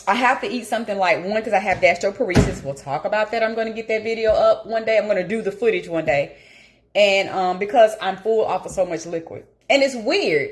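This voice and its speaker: A woman with a mid-range voice speaks a little fast in a casual, rambling vlog. Animated and eating while she talks, she acknowledges feeling anxious.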